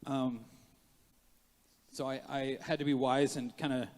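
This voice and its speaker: A man preaching a sermon as pastor, moving between quiet asides and loud emphatic rises, with joking self-mocking moments. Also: medium pitch, level tone, measured pace, in a large hall. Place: church sanctuary.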